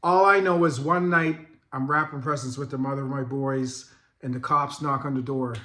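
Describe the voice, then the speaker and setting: A middle-aged man hosting a vlog, telling a story in a loose, profane, animated way and laughing as he goes. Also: mid-range voice, moderate pace. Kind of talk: casual storytelling. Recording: echoey room.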